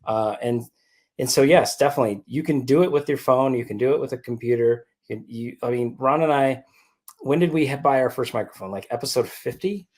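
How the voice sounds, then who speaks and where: A man's voice: medium pitch, fairly quick, darkish tone. A man guesting on an interview, explaining things in an easygoing, conversational way with frequent restarts. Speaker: podcast co-host guest. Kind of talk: casual interview chat.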